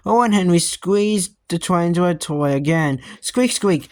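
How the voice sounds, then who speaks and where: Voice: mid-range voice, normal speed, darkish tone. A young reader stumbling and restarting while reading a children's book aloud. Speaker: storybook reader.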